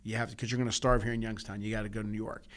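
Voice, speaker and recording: A man's voice: on the low side, little pitch movement, very fast. A man co-hosting a podcast, telling personal stories in an earnest, emotional way, with frequent restarts and repeats. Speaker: podcast co-host. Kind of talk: casual heartfelt podcast talk.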